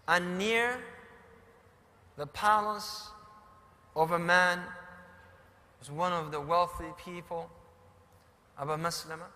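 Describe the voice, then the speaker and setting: A man preaching in English, telling a story with quiet passages and sudden shouted emphasis. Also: extremely high pitch. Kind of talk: sermon storytelling. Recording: hall reverb.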